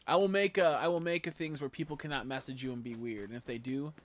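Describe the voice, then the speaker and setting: A young man chatting idly on a game livestream. His voice sits at an ordinary middle pitch. He rambles and jokes, swinging from loud excited bursts to low mutters. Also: quick pace, soft background music. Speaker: streamer. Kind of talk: casual livestream chat while gaming.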